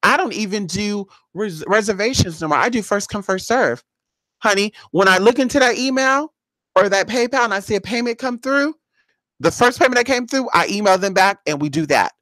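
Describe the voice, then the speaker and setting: A woman's voice: medium pitch, expressive, a little fast, a bit bright, dry recording. A woman who does paid spiritual casework, chatting bluntly and sassily with viewers on a live stream and calling them honey.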